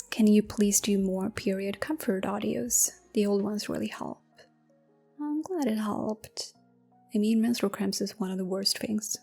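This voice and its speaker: A young woman answering questions in a soft-spoken ASMR Q&A, close to the mic, slipping into whispers. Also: medium pitch, gravelly. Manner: slow, intimate, drifting into whispers with soft laughs. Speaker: ASMR creator.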